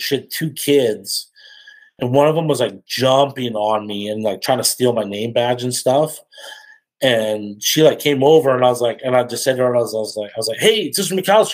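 A podcast guest telling stories in a casual, animated, slangy way, often laughing. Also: male voice, mid-range voice, moderate pace, poor audio. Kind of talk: casual storytelling.

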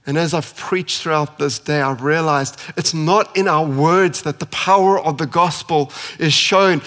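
Male preacher, fairly high voice, passionate sermon with loud peaks and hushed drops, long hall reverb. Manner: impassioned, rising to emphatic peaks then dropping soft.

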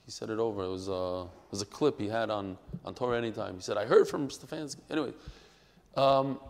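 A man teaching a Talmud class, swinging from quiet asides to loud, emphatic outbursts. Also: fairly low pitch, a little fast, creaky, in a large hall. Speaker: Torah teacher.

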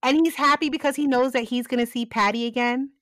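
A woman's voice: high-pitched, steady tone, quick pace, a bit bright, no room sound. A woman casually recapping a TV episode, acting out the characters' lines with lots of laughter. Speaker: podcast co-host recapping a TV episode.

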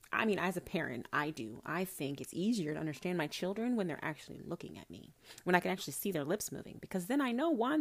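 Coaxing, lower-voiced woman preacher. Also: lively intonation, a little fast. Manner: intimate and coaxing, calls the listener honey, swears casually; drops into soft whispers at times. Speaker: self-described prophetess. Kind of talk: casual spiritual talk to camera.

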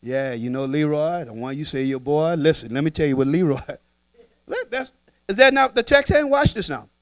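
A man preaches a playful, animated sermon and keeps calling back to his congregation. His voice sits high for a man. The sound is dry and close, with almost no room echo. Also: normal speed, clean tone. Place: church.

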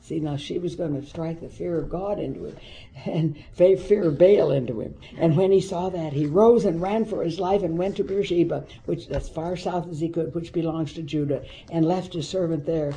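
Very dark-voiced Bible teacher. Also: mid-range voice, moderate pace, poor audio. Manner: reads scripture aloud with emphatic asides.

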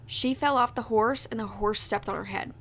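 A woman's voice: mid-range voice, normal speed, a bit bright. A young adult woman hosting a podcast, telling a personal story in a chatty, casual way, full of fillers. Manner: chatty, leans on fillers like "like" and "that type of deal". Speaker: podcast host.

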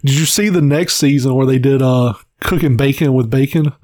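A man co-hosting a casual podcast, retelling a cartoon episode in an animated way, swearing and laughing often. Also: mid-range voice, brisk, no room sound. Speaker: podcast co-host. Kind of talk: casual chat.

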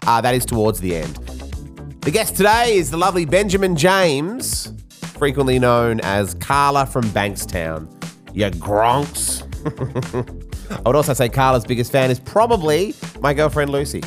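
A man hosting a casual podcast, telling animated stories and acting out loud shrieks. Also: mid-range voice, moderate pace, faint music behind. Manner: lively storyteller who acts out shrieks. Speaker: podcast host. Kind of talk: casual chat.

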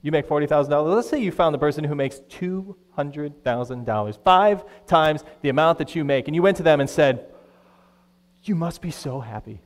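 A man preaching a sermon as pastor, conversational and animated, acting out the voices he quotes. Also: fairly high pitch, fairly quick, few pauses, long reverb tail.

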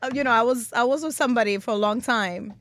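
A woman's voice: fairly high pitch, fast, fairly bright tone, no echo. A woman in her thirties hosting a podcast, who talks frankly and chattily and laughs a lot. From New York area. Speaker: podcast host. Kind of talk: casual chat.

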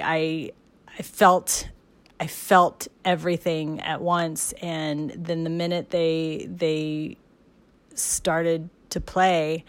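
A woman telling a heartfelt, emotional story about her first concert, laughing and trailing off softly, recorded by herself. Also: low-pitched, no echo. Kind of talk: casual storytelling, self-recorded.

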